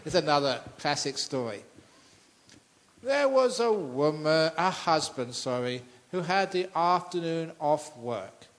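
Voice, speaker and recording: Older man, british accent, monk's storytelling sermon, slightly high voice, bursts into loud character voices. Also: rough recording. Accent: British English. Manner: animated storyteller, acts out voices with loud outbursts. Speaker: monk giving a dharma talk. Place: large trade centre hall with an audience.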